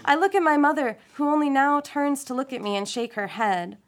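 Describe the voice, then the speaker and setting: A woman reading a first-person short story aloud, with an expressive, playful delivery and wry asides. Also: sits high, fairly quick. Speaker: story reader.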